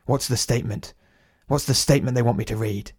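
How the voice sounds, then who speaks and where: A man's voice: medium pitch, steady tone, fairly quick, a little mellow, husky, no echo, clean studio sound, close to an everyday voice. A man playing an agitated, defiant prime minister in an audio drama, indignant and insistent.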